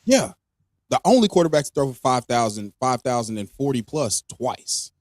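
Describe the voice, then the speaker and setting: A man co-hosting a live stream in casual chat, he rants with animated energy and swears freely. His voice sits at an ordinary middle pitch, and the sound is dry and close with no room echo. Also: moderate pace. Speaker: podcast co-host. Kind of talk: casual fantasy football chat.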